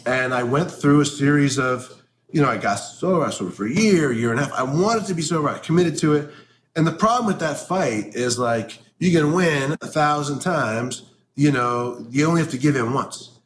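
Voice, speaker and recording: A man's voice: fairly high pitch, lively intonation, normal speed, a little hiss or hum. A man speaking bluntly and with a lot of swearing in a candid interview, talking animatedly.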